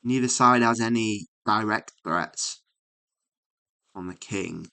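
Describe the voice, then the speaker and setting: A man thinking aloud as he works through chess puzzles, musing and muttering with frequent hums and pauses, mildly exasperated at himself. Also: fairly low pitch, gravelly, sharp tone. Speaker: chess streamer.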